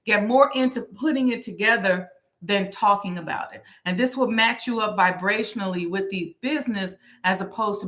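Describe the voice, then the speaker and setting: A woman hosting a motivational teaching talk, speaking emphatically and slowing down to repeat key lines. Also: medium pitch, a bit bright. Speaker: host and entrepreneur teacher.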